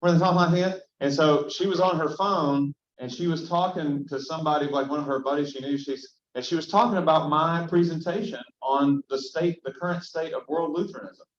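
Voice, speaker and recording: A man's voice: on the high side, fairly even intonation, brisk, few pauses. A male pastor teaching a casual Bible study, talking conversationally and often checking in with his listeners. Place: church hall. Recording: roomy, dull lo-fi room sound.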